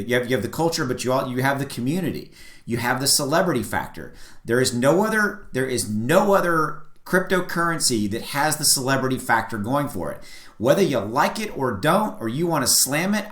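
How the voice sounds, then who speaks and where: A man's voice: medium pitch, fairly bright tone. Male vlogger, mid-range voice, earnest and emphatic with many restarts, recorded in a room with echo. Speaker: crypto video host. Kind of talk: casual direct-to-camera opinion talk. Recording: echoey room.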